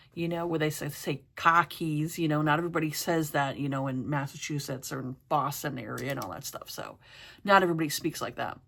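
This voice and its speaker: Low-pitched woman, casual rambling vlog chat full of fillers. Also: creaky. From East Coast of the US, New York area. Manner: rambling, many fillers like "you know" and "like". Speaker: book and TV reviewer.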